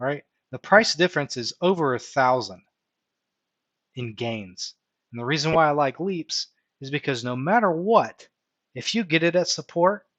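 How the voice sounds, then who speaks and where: A man hosting a live stream, walking viewers through his reasoning out loud and often checking in with "right?". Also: fairly high pitch, no echo. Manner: thinks aloud, tags points with "right?". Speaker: live-stream host teaching stock options. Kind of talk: unscripted live-stream walkthrough.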